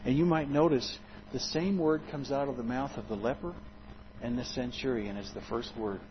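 A man preaching a sermon in an expressive, dramatic way, often swinging his loudness and pitch. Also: moderate pace, highs cut off, background noise.

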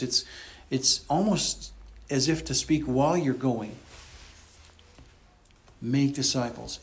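A man preaching a conversational expository sermon in a church, explaining and repeating his points as he goes. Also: medium pitch. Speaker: pastor.

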